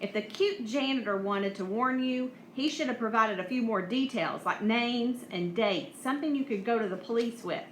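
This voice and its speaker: Woman reading as a calm, bossy girl. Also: fairly high pitch, moderate pace, hardly any pauses, lightly acted. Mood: planning. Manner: firm and organized. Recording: echoey room, faint hiss.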